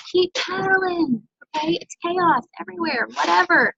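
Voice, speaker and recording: In a very high-pitched, creaky yet bright voice, a woman who is a senior direct-sales team leader gives a forceful motivational talk at a moderate pace. She coaches emphatically, often ending lines with "okay?". The recording is muffled, with a little hiss or hum.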